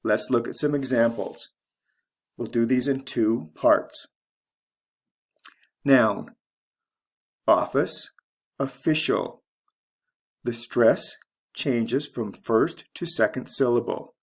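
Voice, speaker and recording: Slow gravelly male English teacher. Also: mid-range voice. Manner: reads word pairs, spells endings letter by letter. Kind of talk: slow, deliberate pronunciation lesson.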